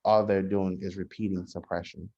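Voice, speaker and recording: A man, a social worker, talking in a casual podcast conversation, measured and often restarting his sentences. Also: low-pitched, flat delivery, gravelly, a little mellow, slightly rough. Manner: measured, frequent restarts and hesitations. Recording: dull lo-fi sound.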